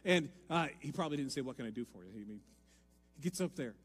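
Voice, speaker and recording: A man pastor preaching a sermon, swinging from hushed lines to loud, emphatic appeals. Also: medium pitch, lively intonation, fast talker, husky, big-room sound. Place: church sanctuary.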